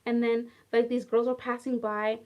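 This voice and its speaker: Young woman, chatty storyteller, fairly high voice, lots of "like". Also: normal speed, highs cut off. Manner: chatty, heavy use of "like", animated and affectionate. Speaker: former English teacher in Japan. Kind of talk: casual storytelling vlog.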